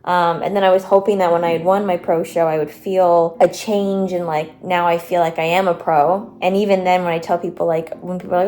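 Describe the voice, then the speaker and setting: A young bodybuilding competitor vlogs casually to camera, chatty and saying "like" a lot while acting out other people's reactions in her stories. Her voice is fairly low and dark, delivered flat and fairly quick with hardly any pauses.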